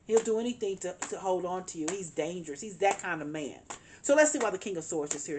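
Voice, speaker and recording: A woman's voice: lowish voice, animated, quick pace, noisy background. A woman giving a tarot reading, speaking earnestly and emphatically, repeating her points and calling on spirit guides. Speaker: tarot reader.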